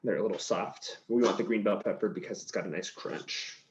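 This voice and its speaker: A man's voice: fairly low pitch, a little fast. A male chef giving a cooking demonstration, explaining each step in an easygoing, chatty way as he chops vegetables in a kitchen. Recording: slightly dull sound with faint noise.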